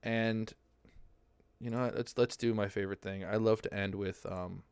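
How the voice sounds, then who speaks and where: A man's voice: fairly low pitch, steady tone, moderate pace, darkish tone, clean tone, dry recording. A young man hosting his own livestream, chatting casually and rambling from topic to topic. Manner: rambling, chatty, laughs easily. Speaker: livestream host. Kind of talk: casual chat.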